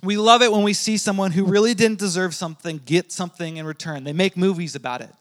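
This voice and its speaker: A male pastor preaching a sermon, emphatic, repeating key phrases and swinging between loud and soft. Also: high voice, fast talker. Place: church hall with a congregation.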